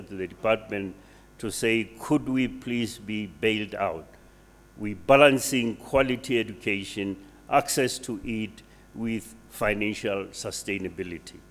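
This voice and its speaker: A man giving a measured, formal welcome speech. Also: medium pitch. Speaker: university speaker welcoming officials. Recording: reverberant hall.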